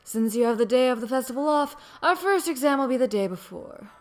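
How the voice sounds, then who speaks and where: A woman reading the lines of a playful female schoolteacher from a visual novel, in a slightly lowered, measured voice. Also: lively intonation, faint music behind. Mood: lecturing.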